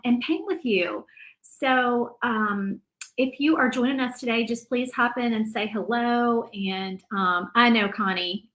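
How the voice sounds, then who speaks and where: A woman hosting a live painting stream, chatty and full of fillers, emotional and close to tears. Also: a little high. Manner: chatty, warm, many fillers, tearful at times. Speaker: craft channel host. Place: home craft room. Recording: echoey room.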